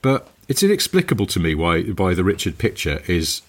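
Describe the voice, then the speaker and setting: A man's voice: low-pitched, a little fast. A man co-hosting a podcast, telling anecdotes in casual chat. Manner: anecdotal, lively storyteller. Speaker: podcast co-host.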